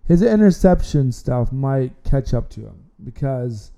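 A man's voice: mid-range voice, animated, measured pace, gravelly, mellow. A man hosting an amateur sports podcast, talking casually and rambling, often repeating words and restarting his sentences. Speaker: podcast host.

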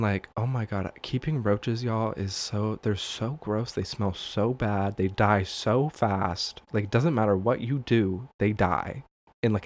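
Rambling, low-voiced male podcaster. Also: darkish tone. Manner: rambling, profane, laughs often, many fillers. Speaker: podcast host. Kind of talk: casual solo podcast chat.

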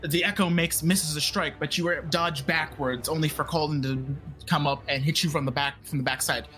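A man's voice: fairly high pitch, fairly even intonation, normal speed, bright, forceful tone, soft background music. A man narrating and running a tabletop role-playing game as game master, describing combat. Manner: describes combat, voices enemies.

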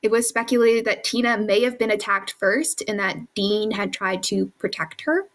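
Woman calmly narrating a true-crime case. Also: mid-range voice, moderate pace. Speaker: podcast co-host presenting the case.

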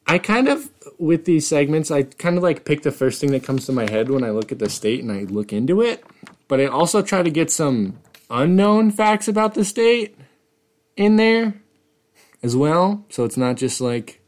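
A woman's voice: deep voice, sing-song, normal speed, a little mellow. A young woman from Wisconsin co-hosting a casual podcast, rambling, breaking off her own sentences and laughing often. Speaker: podcast co-host. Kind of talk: casual chat.

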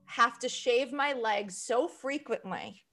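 Host: 30s woman, thick Long Island accent, a bit high-pitched, brash and frank. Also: takes it slowly, noisy background. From Long Island, New York. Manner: brash, frank, self-deprecating. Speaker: podcast host. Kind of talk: casual podcast chat.

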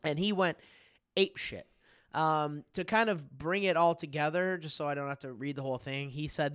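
A man's voice: on the high side, moderate pace, a bit bright, clear, resonant tone, no room sound, clean studio sound. A young man co-hosting a podcast, talking sports casually, laughing often and swearing freely. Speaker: podcast co-host.

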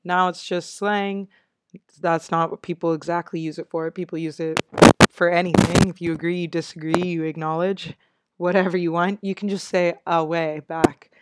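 A woman's voice: lowish voice, level tone, normal speed, very noisy. A young American woman hosting her own show, chatting casually and upbeat with frequent laughs. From United States. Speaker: podcast host. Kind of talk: casual solo chat.

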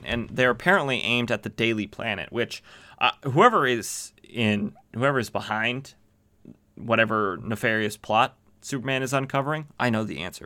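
Male podcast host, bright tone, casual comic recap full of wry asides. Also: on the low side. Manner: rambling, joking asides, many fillers.

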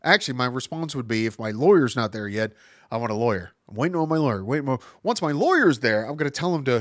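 A man chatting on his own podcast in a loose, rambling way, swearing freely and cracking himself up. His pitch jumps around a lot as he talks, and the sound is dry and close to the mic. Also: lively intonation, fast talker, dry recording. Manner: rambling, profane, giggly. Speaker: podcast host. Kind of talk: casual chat.

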